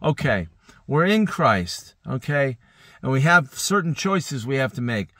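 A man's voice: medium pitch, sing-song, a little slow, pushed and bright, no echo, clean studio sound. A man preaching an early-morning Bible teaching, earnest and rambling, often correcting himself, sleepy and yawning. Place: indoors.

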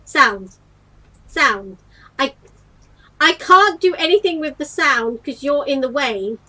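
Bright-voiced cheeky female gamer. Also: sits high, expressive, slow pace, rough recording. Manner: cheeky, crude and playfully exasperated. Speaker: gaming video creator. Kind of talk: let's-play commentary.

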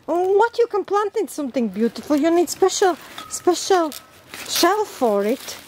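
High-voiced woman gasping over an unboxing. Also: very animated, darkish tone, a little hiss or hum. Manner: gasping and exclaiming, halting non-native English. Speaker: plant vlogger. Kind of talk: unboxing vlog.

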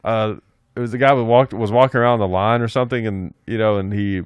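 A man's voice: on the low side, fairly even intonation, fast, smooth, no room sound. A man co-hosting a podcast in casual chat, often hesitant and searching for words. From United States. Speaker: podcast co-host.

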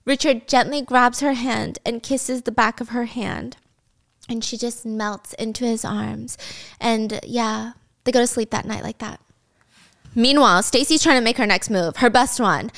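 A woman's voice: fairly high pitch, fairly even intonation, a little slow, creaky, a bit bright. A woman casually recapping a drama story, chatty and sarcastic, with swearing and laughing asides.

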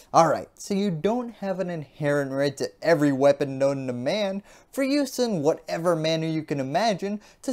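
A woman's voice: low voice, darkish tone. A woman hosting a scripted explainer, delivering it with sarcastic, wry asides. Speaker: host.

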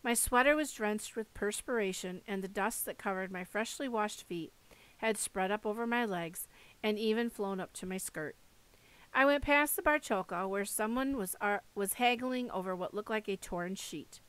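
Woman reading a novel aloud, expressive. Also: mid-range voice, normal speed, smooth, no room sound, poor audio. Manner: expressive reading with acted dialogue. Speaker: audiobook reader. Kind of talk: first-person book narration.

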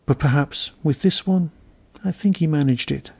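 Wry British podcast reviewer musing aloud. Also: male voice, fairly high pitch, moderate pace, creaky, darkish tone, husky. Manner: wry, musing, self-deprecating grumbling. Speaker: podcast host reviewing an episode. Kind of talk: solo review monologue.

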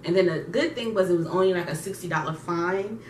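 Woman, late 20s, casual storyteller, slightly low voice, distant mic in a roomy space. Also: a little fast. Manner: laughing storyteller, animated quoting. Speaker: vlogger co-host. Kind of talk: casual chat. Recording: echoey room, distant mic, faint hiss.

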